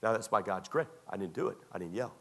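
A man preaching a sermon as pastor, emphatic and repetitive, often dropping to a quiet tone. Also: fairly low pitch, animated, fast, vocal fry.

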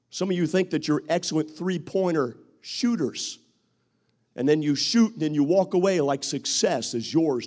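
A male preacher delivering a dramatic sermon, acting out quoted voices and swinging from loud to hushed. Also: a little high.

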